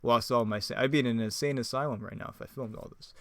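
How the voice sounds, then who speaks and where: A man's voice: mid-range voice, quick pace, fairly bright tone. A man in a casual vlog reading his old scripts aloud, rambling and mocking himself. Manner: rambling, self-mocking, chuckles often. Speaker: YouTuber.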